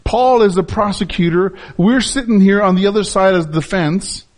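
A man's voice: high-pitched, moderate pace. A man, a pastor, preaching a sermon with emphatic repetition and rhetorical questions to his listeners.

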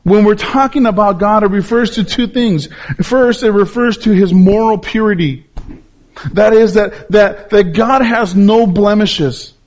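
Male preacher, high-pitched voice, emphatic sermon delivery with repetition for stress. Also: darkish tone. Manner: emphatic, repeats words for stress, drops low and slow on key points.

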